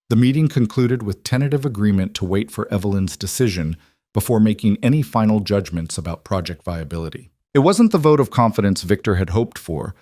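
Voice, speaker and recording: A man giving an even, measured scripted story narration. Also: low voice, dry recording, clean studio sound.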